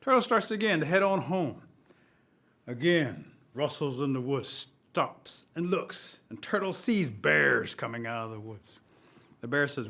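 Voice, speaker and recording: A man telling a traditional animal tale in a lively, expressive studio storytelling style. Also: medium pitch, unhurried, vocal fry.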